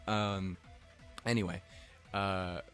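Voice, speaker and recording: Low-voiced man rambling through an anime recap. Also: level tone, takes it slowly, a bit bright, soft background music. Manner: rambling, profane, chuckling asides. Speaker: anime reviewer. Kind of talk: casual episode recap commentary.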